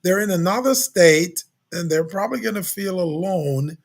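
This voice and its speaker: A man with a raspy voice co-hosting a casual podcast chat, hearty and encouraging. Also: high voice, lively intonation, normal speed. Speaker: co-host.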